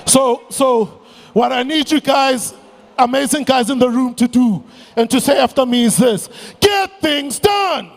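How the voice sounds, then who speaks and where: Motivational speaker, male, very high register, punchy call-and-response, reverberant hall. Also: normal speed, gravelly. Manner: energetic, shouts chants for the crowd to repeat. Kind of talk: motivational stage speech. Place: large event hall stage. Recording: echoey hall.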